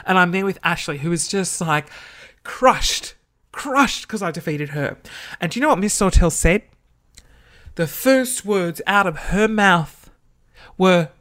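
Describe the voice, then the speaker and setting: Gossipy, animated Australian young man. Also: sits high, normal speed. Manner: animated, gossipy, swears freely, breaks into gasps. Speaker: vlogger. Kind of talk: casual storytelling while sorting old school papers.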